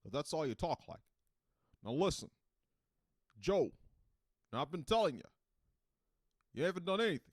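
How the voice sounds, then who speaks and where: A man putting on an impression of a famous politician, speaking deliberately with emphatic pauses. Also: on the high side, sing-song, dry recording, studio quality, voice pushed up. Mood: lecturing.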